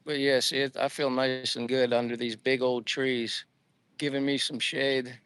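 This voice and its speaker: A man's voice: medium pitch, little pitch movement, a little slow, a bit bright, clear, resonant tone, dry recording. An older man from Pennsylvania, livestreaming outdoors in the heat, chatting casually and rambling with lots of fillers as he reads out viewer comments. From Pennsylvania, USA. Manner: rambling, friendly, frequent fillers and restarts. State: sweating in the heat. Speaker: livestream vlogger reading chat. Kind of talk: casual live chat while walking. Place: outdoors under trees in the heat.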